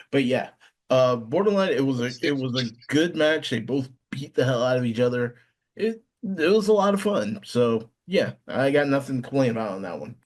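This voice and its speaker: A man's voice: mid-range voice, animated, normal speed. A young man co-hosting a podcast, chatting in an easygoing, joking way with ums and restarts. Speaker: podcast co-host. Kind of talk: casual chat.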